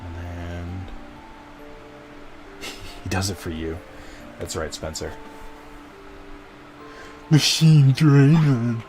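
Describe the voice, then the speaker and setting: A man's voice: deep voice, flat delivery, slow, long pauses. A man streaming a video game, rambling casually to his chat and swearing now and then. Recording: game music underneath.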